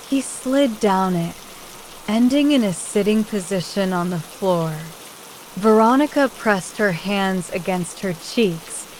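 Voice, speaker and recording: A woman reading a horror story aloud as an audiobook narrator, in a measured, deliberate way. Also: medium pitch, a little hiss or hum, rough recording. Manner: slow, measured reading with voiced quotes. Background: rain sound.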